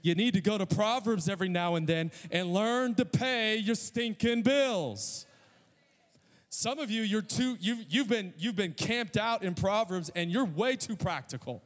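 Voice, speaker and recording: A man preaching a sermon as pastor, animated and conversational, with humorous everyday comparisons and calls for the audience to respond. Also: high voice, a little slow. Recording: long hall reverb with faint music.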